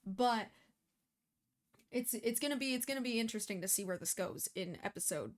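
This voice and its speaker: A woman's voice: on the high side, animated, a little fast. Rambling emotional woman reacting to a show. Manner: rambling and emotional, many fillers and restarts. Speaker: reaction video host. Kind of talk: casual reaction commentary.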